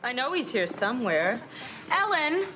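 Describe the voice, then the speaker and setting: A woman's voice: a little high, big pitch swings, normal speed, bright, forceful tone, soft background music, poor audio. An actress playing a flustered young woman hunting for her fiancé in a sitcom. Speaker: sitcom character. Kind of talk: sitcom acting. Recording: sitcom clip with studio audience.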